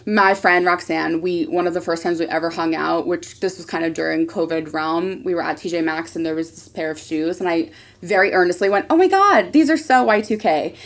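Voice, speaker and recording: Animated young woman podcaster, lowish voice. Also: brisk, slight background noise. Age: 20s. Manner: animated, swearing, acts out her own past thoughts in a high voice. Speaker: podcast co-host. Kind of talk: casual chat.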